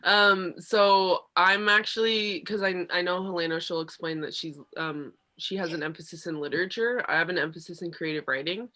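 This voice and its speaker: A young woman with a strikingly low, gravelly voice and a bright, tense edge. She speaks as a guest in a casual chat. She hesitates often and fills the gaps with ums. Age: young adult.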